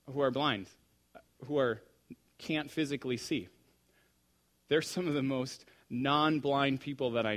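A man preaching a sermon, telling a story with animated shifts between soft and loud speech. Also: mid-range voice.

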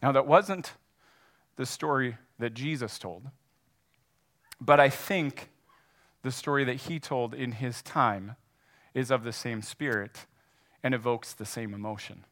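A man preaching a sermon, retelling a parable in a lively, animated way. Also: mid-range voice, measured pace, pauses often. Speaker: pastor. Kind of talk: sermon storytelling.

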